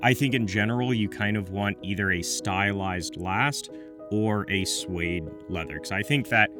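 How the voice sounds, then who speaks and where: A man's voice: on the low side, measured pace, over music. A man giving a scripted product review with wry, self-deprecating asides. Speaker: menswear reviewer.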